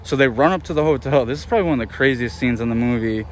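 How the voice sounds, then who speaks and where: A man's voice: medium pitch, rapid-fire, slight background noise. A man hosting a casual, profane, rambling movie review outdoors. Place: outdoors in an urban area.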